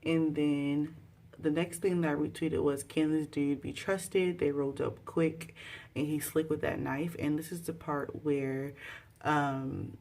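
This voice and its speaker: A woman recapping a TV episode in a casual, slangy way, talking straight to her viewers and breaking into loud exclaiming at times. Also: sits low, steady tone, unhurried. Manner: chatty, slangy, addresses viewers directly. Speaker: TV episode reviewer.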